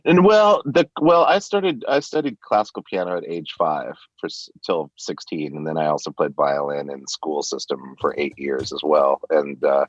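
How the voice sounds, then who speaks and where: A man's voice: a bass voice, moderate pace, hardly any pauses, dry recording, dull audio. A man guesting on a podcast, chatting casually and playfully, laughing often and sliding in and out of put-on accents. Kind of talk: casual interview chat.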